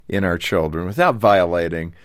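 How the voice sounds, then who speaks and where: A man hosting a radio interview, talking in a relaxed, conversational way into a studio microphone. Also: low-pitched, normal speed, no room sound. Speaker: radio show host.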